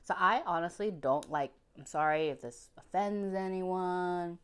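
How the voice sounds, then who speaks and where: A woman's voice: fairly low pitch, steady tone, measured pace, a bit bright, smooth. A young woman food vlogger, chatty and effusive, talking casually between bites and laughing often. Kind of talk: casual mukbang food review.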